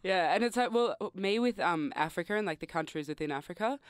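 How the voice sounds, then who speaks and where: Smooth-voiced young co-host, giggly. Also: male voice, sits high, lively intonation, fairly quick, no echo, studio quality. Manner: agreeable, laughs often, lots of "like". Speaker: radio co-host. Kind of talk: casual student radio chat. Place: radio studio.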